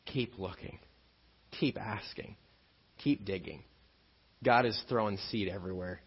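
A man preaching a sermon as pastor, an animated storyteller who acts out scenes and jokes along the way. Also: on the low side, unhurried, breathy edge, in a large hall. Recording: dull lo-fi sermon recording.

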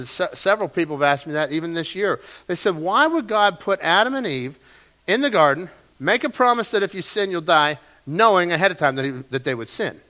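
A man's voice: high voice, bright, forceful tone. A middle-aged man preaching a sermon in a church, folksy and storytelling, with self-deprecating asides. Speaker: pastor. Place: church sanctuary.

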